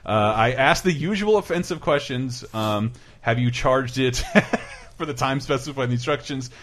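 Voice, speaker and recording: A man hosting a podcast, chatting casually and reading listener stories aloud with lively put-on voices. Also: medium pitch, moderate pace, a little hiss or hum. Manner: animated storyteller who puts on voices. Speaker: podcast host.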